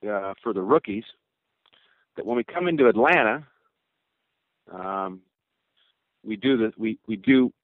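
A man's voice: lowish voice, animated, a little slow, pauses often, no echo, phone-quality sound. An older man talks through a cell phone, and the line sounds thin and dry. He rambles through his stories, laughing and joking as he goes. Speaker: former pro baseball player as guest. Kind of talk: casual storytelling interview.

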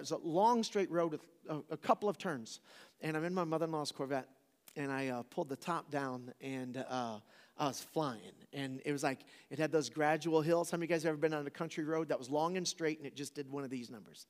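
A man's voice: a little high, big-room sound. A man in his forties, a preacher telling a funny personal story to a live audience, casual and joking, often asking the crowd questions.

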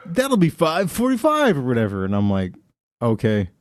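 Animated man telling stories with voices. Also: medium pitch, moderate pace, dry recording, studio quality. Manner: animated, acts out voices in anecdotes, heavy swearing. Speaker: podcast co-host. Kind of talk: casual comedic storytelling.

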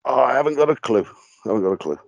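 A man's voice: medium pitch, racing, creaky, no echo, lo-fi sound. A man, a paranormal investigator chatting as a podcast guest, telling stories with frequent laughter and casual swearing. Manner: animated storyteller, laughs often, swears casually.

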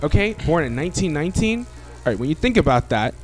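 A man's voice: on the high side, big pitch swings, fast, faint music behind. A man co-hosting a casual group podcast, rambling and emphatic as he makes his point. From United States. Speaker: podcast co-host.

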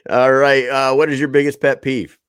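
A man's voice: medium pitch, little pitch movement, normal speed, fairly bright tone, smooth, dry recording, studio quality. A man in his thirties hosting a podcast in loose, profane casual chat, laughing often. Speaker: podcast host.

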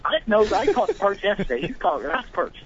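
Rambling Southern caller on a phone line. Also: male voice, high voice, sing-song, fast. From Alabama. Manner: rambling, joking, drawling. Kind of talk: joking phone call. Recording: dull phone line with faint noise.

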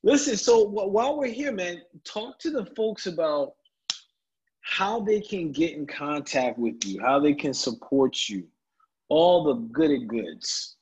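A man's voice: a little high, lively intonation, unhurried, a little mellow, breathy edge. A man hosting a podcast, casually affirming his guest with frequent "man" and "dude". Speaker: podcast host. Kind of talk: casual interview chat. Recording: dull lo-fi audio.

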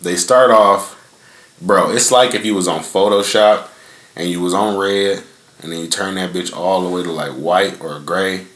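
Low-voiced man rambling, profane and laid-back. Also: normal speed, a bit bright, reverberant. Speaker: podcast host. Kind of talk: casual storytelling. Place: outdoors in a front yard.

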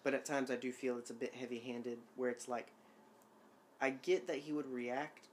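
A man's voice: mid-range voice, little pitch movement, moderate pace, a little hiss or hum. A man co-hosting a casual podcast chat, rambling and self-amused, with many fillers and restarts. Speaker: podcast co-host.

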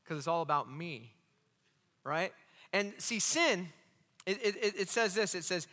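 A man preaching a sermon as pastor, animated and asking the congregation questions. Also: sits high, moderate pace, in a large hall. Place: church hall.

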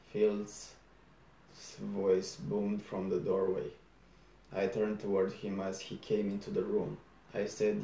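Slow, dark-voiced male audiobook narrator. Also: lowish voice, muffled recording, a little hiss or hum. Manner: measured, deadpan. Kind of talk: first-person audiobook reading. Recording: roomy echo.

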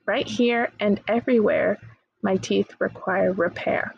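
A woman's voice: mid-range voice, fairly even intonation, a little slow, vocal fry, breathy edge, dull audio. A woman reading the lines of a sly, grinning male crocodile in a children's poem.

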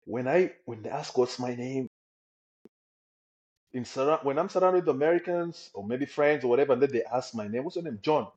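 A man's voice: mid-range voice, animated, normal speed, a little mellow. Young Congolese-accented man, casual guest, repeats words, muffled lo-fi audio. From Democratic Republic of the Congo. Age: young adult. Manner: repeats words, acts out others' reactions. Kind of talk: casual conversation. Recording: dull lo-fi sound.

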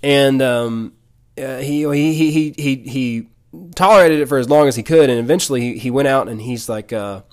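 A man's voice: mid-range voice, normal speed, darkish tone. A man teaching from the Bible in an earnest, conversational way, often restarting and repeating words. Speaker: podcast preacher.

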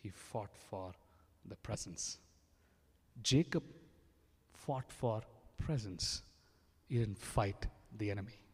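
A man's voice: lowish voice, slow, pauses often, a little mellow, breathy edge. A man from India with an Indian accent, preaching a sermon in a fervent, repetitive way, often restarting his phrases. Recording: long reverb of a large hall.

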